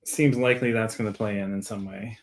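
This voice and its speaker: A man's voice: on the low side, fairly even intonation, brisk. A man co-hosting a casual book chat, offering theories in a wry, laid-back way. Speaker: podcast co-host.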